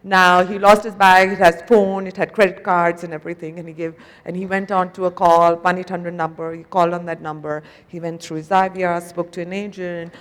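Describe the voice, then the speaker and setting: A woman's voice: fairly low pitch, flat delivery, a little fast, hardly any pauses. A woman from India with an Indian English accent, giving a conversational keynote talk at a conference and tagging her points with "no?" and "right?". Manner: conversational, asks the audience questions, tags "no?" and "right?". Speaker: conference speaker, company executive. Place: large conference hall. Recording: long hall reverb.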